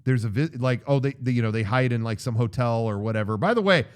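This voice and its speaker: Animated man recapping a movie. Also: medium pitch, fast talker. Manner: animated storyteller, acts out scenes with sudden shouted quotes. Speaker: co-host of a movie discussion show. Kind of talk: casual movie recap chat.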